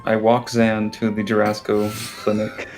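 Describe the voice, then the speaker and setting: A man's voice: lowish voice, completely flat delivery, measured pace, a little mellow, soft background music. A man playing a tabletop game, making dry, wry remarks in casual talk. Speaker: player.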